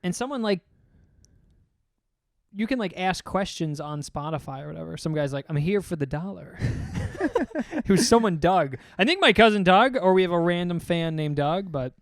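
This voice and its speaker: Young male podcast co-host, slightly high voice, loose rambling storyteller, dry close mic. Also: lively intonation, normal speed, no room sound. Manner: rambling storyteller, swears often, acts out quotes. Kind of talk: casual chat.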